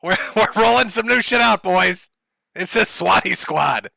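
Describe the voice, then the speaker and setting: A man hosts a livestream from his home, talking in a loose, sarcastic ranting style full of laughter, swearing and mock-tragic asides. His voice is bright and a little high, and his pitch swings widely. The sound is dry and close, with no room echo. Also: expressive, unhurried, gravelly. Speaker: livestream host. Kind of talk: casual livestream rant. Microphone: headphones and desk mic.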